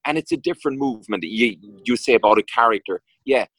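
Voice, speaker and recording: Halting Irish man from Kerry. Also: medium pitch, wildly swooping pitch, creaky, a bit bright, no echo, low-quality recording. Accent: Irish, County Kerry. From Ireland. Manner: rambling, halting with many restarts and fillers. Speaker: actor guest. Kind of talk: casual interview chat.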